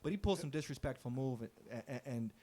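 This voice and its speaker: A man's voice: medium pitch, lively intonation, fast, dark tone. A man telling his caddie stories in a laid-back, wry and direct way during a casual interview. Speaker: golf caddie and guest.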